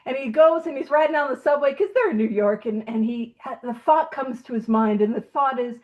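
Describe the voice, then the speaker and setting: A woman with a fairly high voice leads a recovery meeting. She tells a story in a lively, casual way, with frequent laughter. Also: fairly quick, few pauses, muffled recording. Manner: animated storyteller, laughs often. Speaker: meeting leader.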